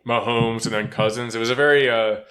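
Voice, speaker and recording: Bright-voiced man in laid-back sports banter. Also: fairly even intonation, fairly quick. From Philadelphia area. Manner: laughing, swearing, mimics people with shouted high voices. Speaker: podcast co-host. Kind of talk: casual sports chat.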